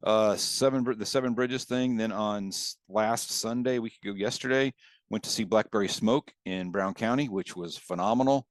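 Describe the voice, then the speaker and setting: A man with a fairly low voice co-hosts a casual podcast over a video call. He rambles through his stories with easy chuckles. The sound is dry and close. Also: moderate pace, dry recording. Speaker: podcast co-host. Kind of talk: casual chat.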